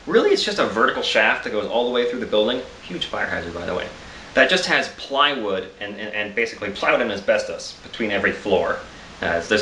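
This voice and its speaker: A tired man rambles through a self-amused story in a casual vlog, laughing often and restarting his sentences. His fairly low voice sounds pushed and bright, in a roomy recording with a little hiss or hum.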